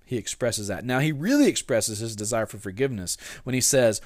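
A man preaching a sermon in a conversational way, often restarting his sentences and acting out quoted lines with sudden jumps in pitch and loudness. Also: a little fast, no room sound, studio quality. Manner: conversational, with repeated restarts and playful sarcasm. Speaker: pastor.

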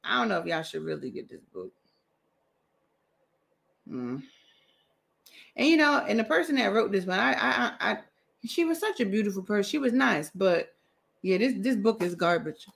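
A woman's voice: mid-range voice, very animated, moderate pace, gravelly, pauses often. A woman hosting a podcast, giving sarcastic, mocking commentary on a book she reads from and often laughing at her own jokes. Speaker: podcast host.

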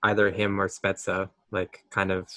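A man's voice: deep voice, monotone, moderate pace, sharp tone, no echo. A man co-hosting a casual podcast, talking hesitantly and saying "like" a lot. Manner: hesitant, heavy use of "like". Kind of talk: casual chat.

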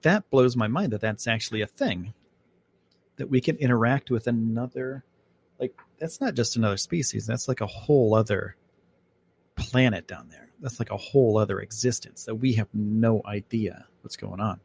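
A man with a gravelly, creaky voice hosts a casual live podcast from home. He rambles in a loose, chatty way, full of "like" and "um", at an ordinary pitch. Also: animated, normal speed. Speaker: podcast host.

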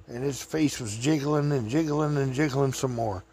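A man's voice: mid-range voice, normal speed, few pauses, a little mellow, slightly rough. Rambling male storyteller. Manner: chatty, meandering, chuckling. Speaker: vlogger.

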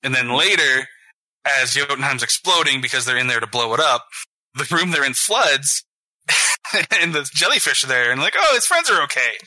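Casting: man, podcast co-host, bright edgy voice, dry mic, excitable casual movie chat. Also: medium pitch, normal speed, no echo, rough recording. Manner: enthusiastic, swears, acts out scenes in quotes.

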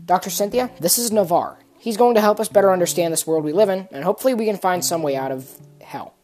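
A woman's voice: on the low side, quick pace, darkish tone, soft background music, natural voice. A woman doing a wry, polite hunter man. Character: Jack, dry-witted male sin hunter.

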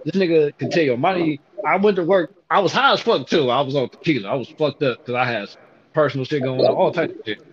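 A man's voice: a little high, fast, lo-fi sound. A man telling a story in a casual way, brash and full of profanity.

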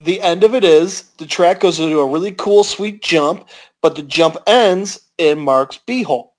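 A man's voice: high voice, normal speed. A man on a comedy podcast who chimes in with teasing jokes. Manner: teasing, wisecracking. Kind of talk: casual comedic chat.

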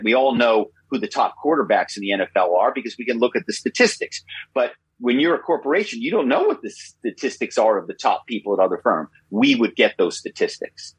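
A man in his fifties, a guest in an interview, telling stories in an animated way, often repeating himself and adding tag questions. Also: lowish voice, slightly rough, no echo, rough recording. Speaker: guest, former corporate spy. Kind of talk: interview storytelling.

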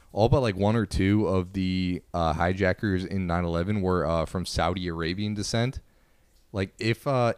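A young man with a very low, smooth voice co-hosts a podcast. He rambles in crude, casual banter, heavy on fillers. The close mic sounds dry. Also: no echo. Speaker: podcast co-host. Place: indoor room, couch.

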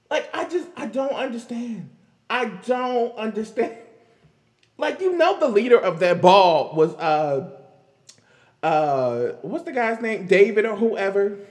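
A man's voice: sits high, very animated, slow, long pauses, darkish tone, in a large hall. A man doing casual pop-culture commentary on a vlog, sarcastic and exasperated, often breaking into laughter. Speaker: commentary vlogger.

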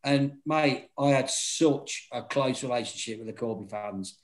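A man's voice: medium pitch, unhurried, poor audio. A man, a former football manager, telling stories in casual chat, swearing and acting out quotes. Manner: swearing, animated, acts out quotes.

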